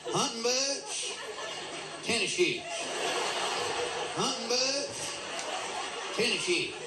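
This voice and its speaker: A man's voice: extremely high pitch, expressive, very slow, a loud crowd. A man doing a stand-up comedy routine, telling stories in a drawling way. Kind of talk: stand-up routine played back. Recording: echoey played-back clip with loud noise. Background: audience laughter.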